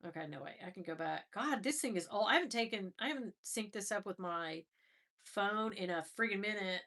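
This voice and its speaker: A woman's voice: medium pitch, animated, brisk, bright, forceful tone. A middle-aged woman hosting a casual livestream, chatting and laughing as she scrolls through old photos, her nose stuffy after crying. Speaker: livestream host.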